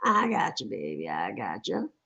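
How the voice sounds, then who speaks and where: A woman hosting a casual livestream, hoarse and rough-voiced from a cold, greeting viewers in a lively, chatty way. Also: a bass voice, normal speed, dull audio. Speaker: livestream host.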